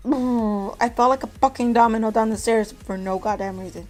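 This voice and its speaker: A young woman vlogger telling a story in a casual, animated, profane way, acting out the people she quotes. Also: a little high, moderate pace, hardly any pauses, faint music behind.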